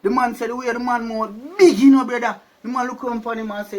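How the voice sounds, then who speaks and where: A man's voice: very high-pitched, quick pace, few pauses, a little mellow. A man with a Jamaican accent telling a spooky story in a chatty, casual way, often checking in with his listeners. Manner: chatty, keeps asking "you see me?".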